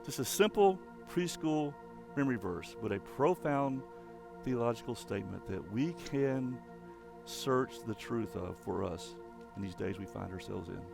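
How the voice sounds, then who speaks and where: Youth pastor, man, earnest and direct with teens, a bit of fry in the voice. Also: mid-range voice, expressive, measured pace, over music. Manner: earnest, speaks straight to teens. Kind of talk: online youth sermon.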